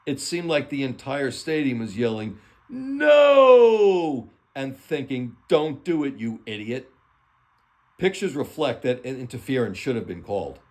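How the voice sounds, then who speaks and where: A man's voice: medium pitch, a little mellow. A man hosting his channel as an author, reading stories aloud in a plain, earnest way.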